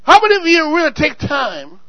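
A male pastor preaching to his church, swinging from quiet asides to shouted exhortations and repeating words for emphasis. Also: extremely high pitch, huge pitch swings, normal speed, dry recording, muffled recording. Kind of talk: sermon. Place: church sanctuary.

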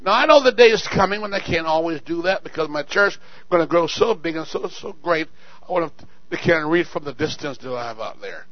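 A male pastor preaching to his church, swinging from quiet asides to shouted exhortations and repeating words for emphasis. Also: a little high, expressive, fairly quick, no echo, muffled recording. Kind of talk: sermon. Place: church sanctuary.

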